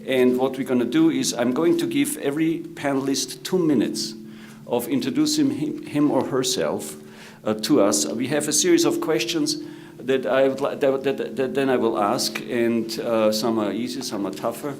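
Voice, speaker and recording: A middle-aged man with an Austrian German accent who moderates a conference panel, introducing guests formally and pausing often with "uh". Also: mid-range voice, over music. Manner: halting, many "uh" fillers. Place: conference room.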